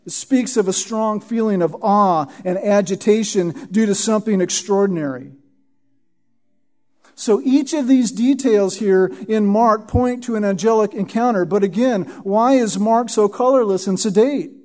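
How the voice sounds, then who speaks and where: A pastor with a high-pitched, darkish voice preaches an expository sermon, working through the text verse by verse. He often pauses to ask "Right?" and repeats words for emphasis.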